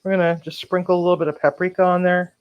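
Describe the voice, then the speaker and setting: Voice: mid-range voice, little pitch movement, very fast, clean tone, muffled recording. A home cook hosting a cooking vlog, telling a story bluntly and animatedly and swearing freely, in a home kitchen. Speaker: home cook and channel host. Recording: noisy home recording.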